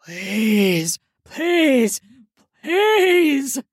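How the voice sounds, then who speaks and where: A woman's voice: on the low side, moderate pace, a bit bright, no room sound, clean studio sound, voice pushed down, natural voice. A woman voicing a desperate, trapped man who begs frantically for help in a spoken erotic story. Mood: pleading. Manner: frantic begging.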